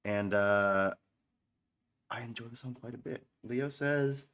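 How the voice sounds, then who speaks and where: Medium in pitch, slow-paced and fairly bright, this thirty-something radio-style streamer chats casually between tracks. His talk is rambling and offhand, full of frequent swearing and joking asides at his own expense.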